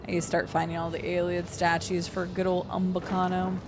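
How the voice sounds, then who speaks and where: A woman's voice: fairly low pitch, monotone, brisk, background noise. A woman streamer giving casual, playful commentary while she plays a video game, chatting to viewers and humming sing-song filler noises. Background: game music.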